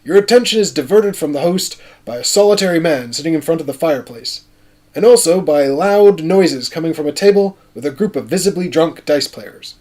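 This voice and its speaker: A man voicing a posh English storybook narrator, reading aloud in a formal, measured way. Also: on the high side, animated, darkish tone, voice pushed up, close to an everyday voice. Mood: stately.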